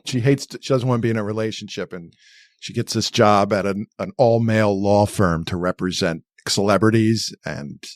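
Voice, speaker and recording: A man in casual podcast chat, rambling and restarting as he retells a story. His voice sits somewhat low. The sound is dry. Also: moderate pace, no echo. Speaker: podcast co-host.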